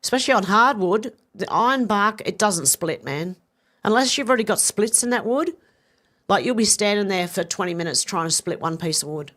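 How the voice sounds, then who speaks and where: A woman's voice: medium pitch, lively intonation, brisk. Chatty Australian woman live-streaming. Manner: chatty, effusive, warm thanks, many restarts. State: slightly congested with a cough. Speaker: livestream host. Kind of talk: casual live-stream chat, reading viewer comments.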